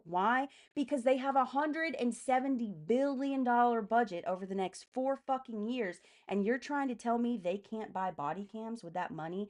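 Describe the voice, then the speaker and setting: A woman's voice: on the high side, darkish tone. A young woman live streaming, ranting about politics in a heated, enraged voice full of swearing. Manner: heavy swearing, fast and heated. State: enraged, agitated.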